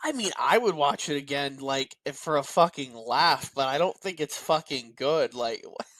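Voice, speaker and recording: A man's voice: mid-range voice, lively intonation, moderate pace, a bit bright, no room sound. A man co-hosting a casual movie podcast, laid-back and swearing casually as he reacts. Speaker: podcast co-host. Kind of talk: casual movie review chat.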